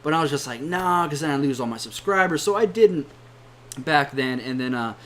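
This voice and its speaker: A man's voice: a little high, expressive, normal speed. Young man ranting, heated and profane. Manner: profane, heated and blunt, swearing often. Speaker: YouTuber. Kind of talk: angry rant to camera.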